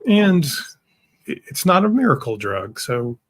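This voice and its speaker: A man's voice: a little high, sing-song, a little slow. A middle-aged man co-hosting a live stream, chatting casually and rambling a bit as he reads viewer comments aloud. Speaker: co-host of a weight-loss livestream.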